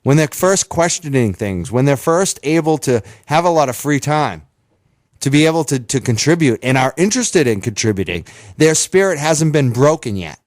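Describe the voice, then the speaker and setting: A man's voice: fairly high pitch, lively intonation, normal speed, no echo, studio quality. A man co-hosting a talk radio show, arguing his views earnestly and bluntly. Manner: earnest, opinionated, swears. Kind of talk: casual talk radio chat.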